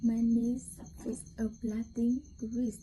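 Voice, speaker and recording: A young woman with a Vietnamese accent reading a class presentation aloud as a student presenter, carefully and haltingly, with some restarts. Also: a little high, little pitch movement, warm tone, faint music behind, rough recording.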